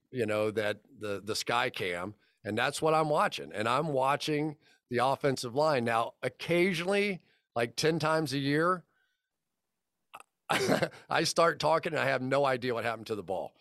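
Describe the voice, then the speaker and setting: A man's voice: mid-range voice, unhurried, fairly bright tone, dry recording. Storytelling man in his fifties, dry sound. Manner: rambling anecdotes with restarts and quoted dialogue. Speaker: football broadcaster guest. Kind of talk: casual podcast storytelling.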